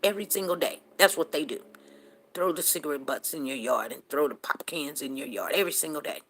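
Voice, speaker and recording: A woman's voice: sits low, brisk, fairly bright tone, a little hiss or hum. A middle-aged woman, telling a neighborhood story casually to live viewers and greeting them by name. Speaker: livestream host.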